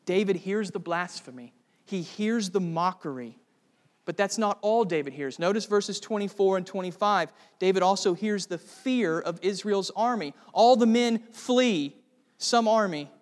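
A man's voice: sits high, a little slow, long reverb tail. A male pastor preaching a sermon, earnest and building to fervent emphasis.

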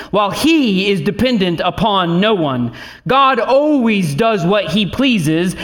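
A man's voice: high-pitched, a bit bright. A man preaching a sermon as pastor, earnest and building to emphatic declarations, now and then drifting into chatty asides.

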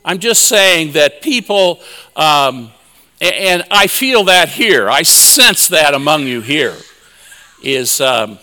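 A man's voice: a little high, expressive, takes it slowly, sharp tone, in a large hall. A man giving a sermon at a conference, telling folksy personal stories with chuckles. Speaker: conference speaker.

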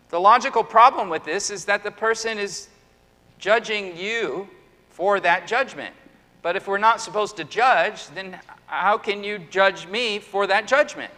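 A man's voice: sits high, fairly even intonation, moderate pace, pushed and bright. A middle-aged male pastor preaching an earnest sermon, full of emphatic rhetorical questions. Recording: long hall reverb.

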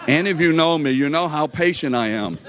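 A man's voice: a little high, lively intonation, a little fast, a bit bright, a little hiss or hum. An older man giving a sermon as a story, chatty and conversational, speaking straight to his listeners. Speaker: preacher.

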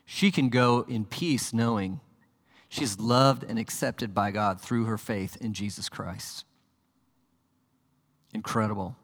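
A man's voice: lowish voice, takes it slowly, long pauses, husky. Man preaching in a reverberant church. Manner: dramatic, swings from hushed to loud and urgent. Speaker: pastor. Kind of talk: sermon. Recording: long hall reverb.

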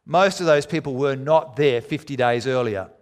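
A man preaching a sermon, emphatic, swinging between loud declarations and quiet, low lines. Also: moderate pace.

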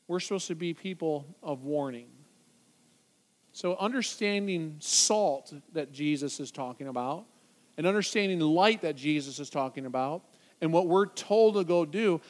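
Male preacher, high voice, emphatic sermon delivery with rising urgency. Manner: emphatic, builds to loud urgent repetitions.

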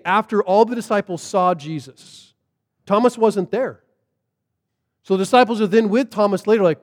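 A man's voice: high-pitched, in a large hall. A man preaching a sermon, telling the story casually and animatedly, with plenty of fillers. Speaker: pastor.

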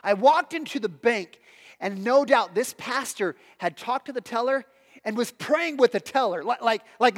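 A man's voice: very high-pitched, moderate pace, big-room sound. A man preaching as a pastor, casual and conversational, telling self-deprecating stories with frequent restarts. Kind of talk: sermon.

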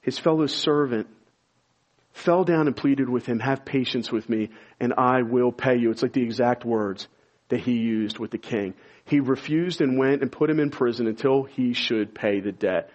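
A male pastor preaches with a husky, somewhat breathy voice at a mid pitch. He moves from calm explanation to loud, soaring emphasis as he presses a point home. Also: normal speed, highs cut off. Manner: rises to loud, high-pitched emphasis when stirred. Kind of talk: sermon.

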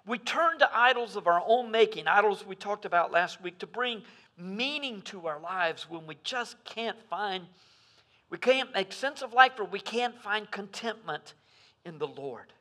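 A man preaching a sermon as pastor, swinging between loud emphasis and hushed asides. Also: high voice, expressive, measured pace.

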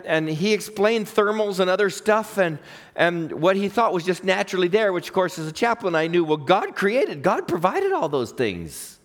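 A man's voice: high-pitched, fairly bright tone. An older man, a chaplain, preaching a sermon through a folksy personal story with acted-out dialogue.

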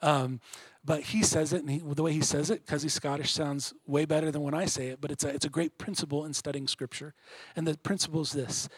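Husky, high-voiced male preacher. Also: steady tone, fairly quick, dry recording. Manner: earnest preaching, swells louder on key points then drops quiet. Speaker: pastor. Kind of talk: sermon.

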